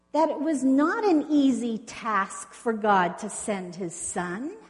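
A woman preaching a sermon in an earnest storytelling way, asking the congregation questions. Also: high-pitched. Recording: long reverb of a hall.

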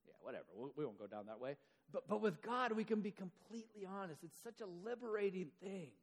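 Animated man preaching in a reverberant hall. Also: high-pitched. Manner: animated, acts out quoted voices, conversational. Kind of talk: sermon.

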